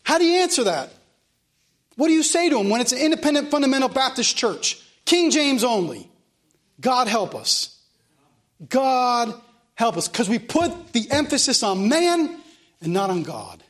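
A man preaching a fervent sermon, repeating phrases and swinging between loud and quiet passages. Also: very high voice, sing-song, normal speed.

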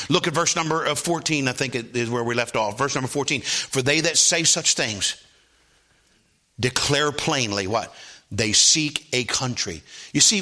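Bright-voiced preaching man. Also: on the high side. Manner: call-and-response preaching, rising to loud emphatic peaks; repeats phrases and asks for affirmation. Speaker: pastor. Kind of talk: sermon.

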